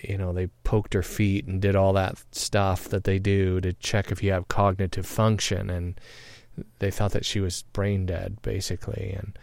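A middle-aged man telling a personal story in a halting, reflective way, pausing often and getting loud at tense points. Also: sits low, creaky, dry recording. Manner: halting, reflective, with many pauses and fillers; grows loud and excited when recounting tense moments.

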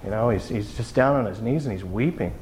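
A man's voice: on the low side, brisk, noisy background. Casual conversational male preacher. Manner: casual, conversational storytelling with many restarts. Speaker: pastor. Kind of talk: sermon.

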